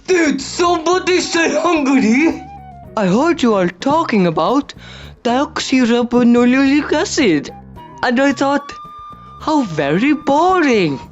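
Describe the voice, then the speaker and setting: A man's voice: extremely high pitch, sing-song, takes it slowly, full character voice. A man voicing a bored, hungry teenage schoolboy who drawls. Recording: dull lo-fi audio with faint muffled music.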